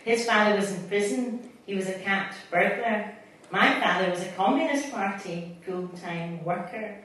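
A woman's voice: medium pitch, normal speed. Scottish lady poet reading aloud, chatty bits between poems, far from the mic, big echo, a little hiss. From Scotland. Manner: warm, chatty asides with laughter between poems. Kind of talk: live poetry reading. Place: reading venue with an audience. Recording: distant mic in an echoey hall.

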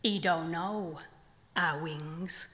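A woman's voice: drawn-out words, a bit bright, slight background noise, full character voice. A woman voicing a grumbling grandma flamingo, Black Country accent. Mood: weary. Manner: low, dry, grumbling delivery. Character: weary grandma flamingo, tart and resigned. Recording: long hall reverb.

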